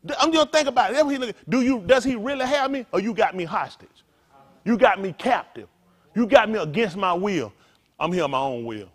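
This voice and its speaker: Man, pastor, conversational sermon, high pitch, very expressive. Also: a little fast, breathy edge. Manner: animated, colloquial, rhetorical questions.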